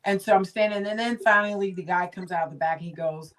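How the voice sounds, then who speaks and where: A woman's voice: mid-range voice, a little fast, few pauses, a bit bright, recorded from a distance, slight background noise, rough recording. A woman hosting a casual chat, affirming her guest and telling her own story with frequent laughs. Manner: chatty, affirming, laughs often. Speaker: host.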